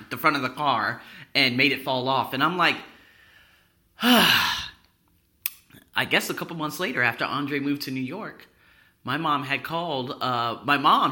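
A man's voice: medium pitch, sharp tone. A young man hosting a podcast, telling a personal story in a blunt, profane, rambling way. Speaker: podcast host.

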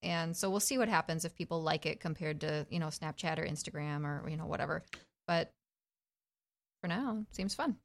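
A woman's voice: sits low, fairly quick, vocal fry. A woman co-hosting a show in casual chat, upbeat and talkative. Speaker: podcast co-host.

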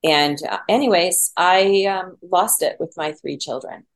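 A middle-aged woman with a low voice tells a personal story. She is candid and self-deprecating, and pauses often on fillers and restarts. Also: low-quality recording. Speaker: podcast guest.

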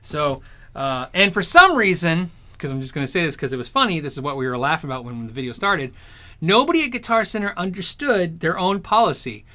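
High bright-voiced man telling rambling stories. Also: a little fast. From Arizona. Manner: rambling, animated anecdotes. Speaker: streamer. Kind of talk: casual storytelling chat.

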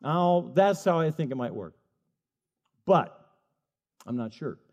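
A man's voice: fairly high pitch, lively intonation, slow, a little mellow, muffled recording. A middle-aged male pastor preaching a sermon, telling stories with acted voices and emphatic repetition.

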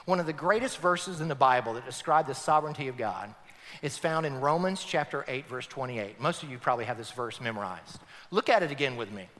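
A man preaching a sermon with animated emphasis, addressing the congregation. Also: medium pitch, brisk. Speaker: pastor. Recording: long reverb of a large hall.

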